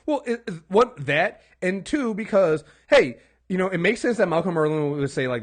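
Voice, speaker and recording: A man co-hosting a casual TV recap podcast, rambling and animated, swearing freely and acting out characters' lines. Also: on the high side, moderate pace, few pauses. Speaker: podcast co-host.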